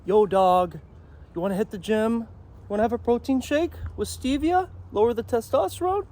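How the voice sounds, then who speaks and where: Falsetto gym-bro caricature, squeaky and mocking, put on by a man. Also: moderate pace, a little mellow. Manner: breezy and mocking.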